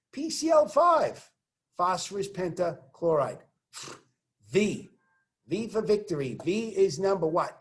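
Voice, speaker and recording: Male chemistry teacher with a high voice, jokey and encouraging, drilling formulas in an online class. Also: darkish tone. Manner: playful, joking asides while working through examples; encouraging, coaching students to say formulas aloud. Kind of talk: recorded online chemistry lesson.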